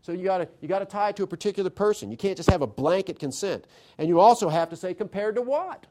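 In a lively, conversational lecture on constitutional theory, a man frequently poses questions to his audience. His voice sits high and he speaks at a racing pace.

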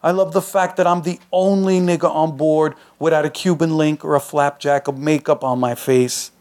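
A man's voice: on the high side, fairly even intonation, moderate pace, a little mellow. A man reading his own short story aloud, in a conversational, streetwise first-person voice.

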